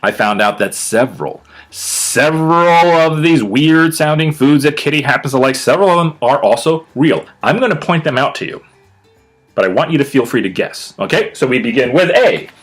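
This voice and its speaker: A man, a children's author, reading his own picture book aloud to young listeners, stretching words for emphasis and stopping to explain words in a chatty way. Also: soft background music. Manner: animated storyteller with big pitch swings and drawn-out emphasis.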